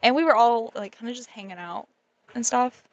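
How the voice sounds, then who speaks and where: A woman's voice: fairly high pitch, brisk, no room sound, highs cut off. Giggly young woman telling a story. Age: young adult. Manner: animated, giggly, lots of "like". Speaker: vlogger. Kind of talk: casual storytime narration.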